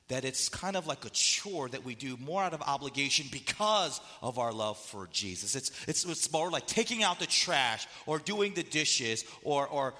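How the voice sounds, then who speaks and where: A man's voice: medium pitch, sharp tone. A man preaching a sermon as pastor, conversational and repeating his key phrases. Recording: long hall reverb.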